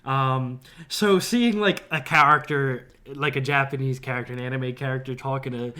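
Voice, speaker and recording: A man's voice: mid-range voice, steady tone, moderate pace, sharp tone. A man co-hosting a podcast in casual chat, from the northern United States, rambling, often laughing and trailing off. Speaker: podcast co-host.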